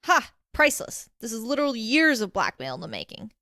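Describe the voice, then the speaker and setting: Brief: woman playing a grown man aping an eager teen boy, rapid-fire. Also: fairly high pitch, dry recording, studio quality. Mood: excited. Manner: rapid-fire, excited questions. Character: grown man imitating an excited teenage boy.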